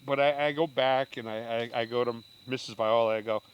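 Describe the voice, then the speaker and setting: Older dad, chatty rambling storyteller, mid-range voice. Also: male voice, medium pitch, steady tone, brisk, dull audio, a little hiss or hum. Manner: rambling, with restarts and asides. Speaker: podcast guest, father. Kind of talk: casual storytelling.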